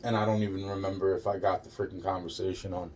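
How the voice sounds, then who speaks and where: A man's voice: low voice, little pitch movement, fast talker. A man talking in a rambling personal monologue, agitated and repetitive, swearing heavily and restarting his sentences. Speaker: vlogger. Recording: distant mic with faint background noise.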